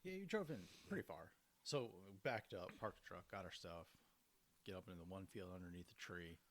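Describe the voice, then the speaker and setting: A man co-hosting a casual hunting podcast, telling stories in a steady, laid-back way with short agreeing replies. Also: low-pitched, brisk, a little hiss or hum. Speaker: podcast co-host. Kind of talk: casual chat.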